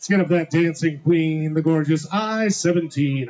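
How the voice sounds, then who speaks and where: A man calling bingo at a live venue, cracking quick rhyming jokes and slowing down to spell out each number. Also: a little high, darkish tone, dull audio. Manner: playful, punchy one-liners, slows to spell out each number. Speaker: bingo caller.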